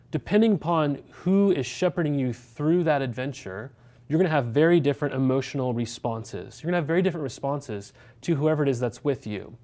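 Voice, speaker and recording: A man's voice: mid-range voice, a little mellow. A man, a pastor preaching a sermon in a conversational way, asking many rhetorical questions and checking in with the congregation.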